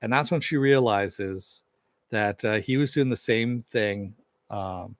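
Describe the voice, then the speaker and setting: A man with a somewhat low voice talks through a TV episode in a loose, chatty recap. He leans on filler phrases and drops the odd curse word. His voice is recorded dry and close. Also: takes it slowly, dry recording. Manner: loose and conversational, with frequent "you know" and casual swearing. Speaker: TV episode reviewer. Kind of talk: casual spoken recap and review.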